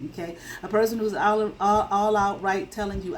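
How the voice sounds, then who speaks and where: A woman's voice: medium pitch, steady tone, normal speed, hardly any pauses, slight background noise, poor audio. A woman giving a casual tarot reading to her viewers. She talks bluntly, swears freely and keeps checking in with "okay?". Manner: emphatic, checks in with frequent "okay?". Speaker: tarot reader.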